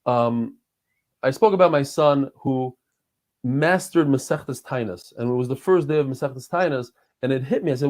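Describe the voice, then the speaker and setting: A man's voice: mid-range voice, normal speed, darkish tone. Man in his forties, rambling heartfelt talk. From New York and Israel. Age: 40s. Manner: rambling, heartfelt storytelling with frequent restarts. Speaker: guest. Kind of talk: casual conversation.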